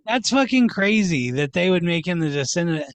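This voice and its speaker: A man co-hosting a casual podcast chat, animated and joking, swearing freely. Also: high-pitched, dry recording. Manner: animated, swearing, quick to joke. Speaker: podcast co-host.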